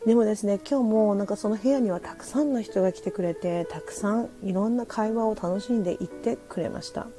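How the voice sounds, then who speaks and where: A woman's voice: medium pitch, rapid-fire, hardly any pauses, over music, poor audio. A woman with a Japanese accent, hosting a casual live audio chat, talking with lots of fillers and switching between English and Japanese. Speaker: host.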